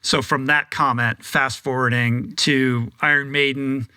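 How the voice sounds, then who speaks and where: A man's voice: medium pitch, fairly even intonation, unhurried, sharp tone, clear, resonant tone, no echo, studio quality. A man hosting a podcast interview who frames long questions and leans on "like" as a filler. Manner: leads with long framing questions, many "like"s. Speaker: podcast host.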